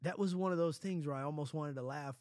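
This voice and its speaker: A middle-aged man, a father, talking casually in an earnest, rambling, halting way. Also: a little high, a little mellow, dry recording, clean studio sound. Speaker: father and podcast host. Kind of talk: casual conversation.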